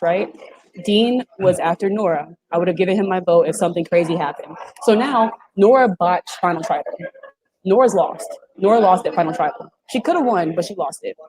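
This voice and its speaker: A woman's voice: lowish voice, a little mellow, slight background noise, low-quality recording. A woman in her twenties, a guest on a video call interview, talking in an emphatic, slangy, casual way. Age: 20s. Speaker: guest, former reality show contestant.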